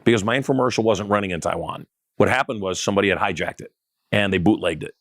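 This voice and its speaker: A middle-aged man recounts his story as an interview guest in a low voice. He talks with animation and acts out the other people's lines. The sound is dry and close. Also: fast talker, no room sound.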